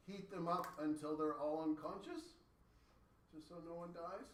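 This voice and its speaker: A man from Canada teaching a high school science class, explaining with playful, joking analogies. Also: steady tone, moderate pace. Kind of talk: classroom lecture. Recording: echoey classroom from far off.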